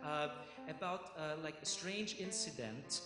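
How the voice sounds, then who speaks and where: A man with a high voice narrates as game master, animated and full of fillers. He is heard in a roomy conference hall with long reverb. Music plays clearly behind him. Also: measured pace.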